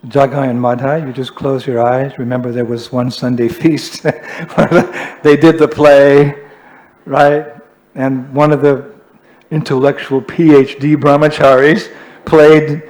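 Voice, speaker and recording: A male swami giving a humorous, self-deprecating storytelling sermon in an animated way. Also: mid-range voice. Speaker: swami, preacher.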